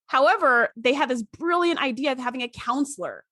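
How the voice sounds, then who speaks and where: A young woman co-hosts a casual podcast chat, agreeing and joking as she thinks things through. Her voice is slightly high. The recording is close and dry. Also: animated, a little fast, fairly bright tone, dry recording. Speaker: podcast co-host.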